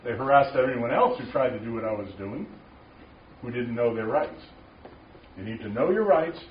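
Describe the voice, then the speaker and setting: A man giving a passionate, emphatic Christian talk to a small group of men, often rising to loud declarations. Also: medium pitch, lively intonation, moderate pace. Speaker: Christian speaker at a men's gathering. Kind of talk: informal preaching talk. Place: room with a small audience. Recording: distant, roomy, muffled with faint noise.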